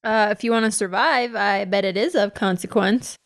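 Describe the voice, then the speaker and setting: A woman's voice: mid-range voice, moderate pace, no room sound. Woman at a tabletop game, direct, asks stuff straight out, dry sound. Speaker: player.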